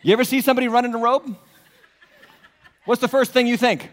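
A man preaching as lead pastor, animated and joking, often asking the congregation questions. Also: very high voice, fast talker, long pauses, long reverb tail. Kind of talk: sermon.

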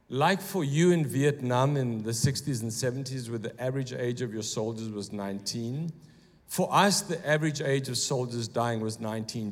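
A man preaching a sermon with an animated, storytelling delivery, jumping into the voices of the people he quotes. His voice sits in a middle register and carries a long church reverb around it. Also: medium pitch. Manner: animated, acts out quotes in bursts. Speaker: guest speaker. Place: church hall.

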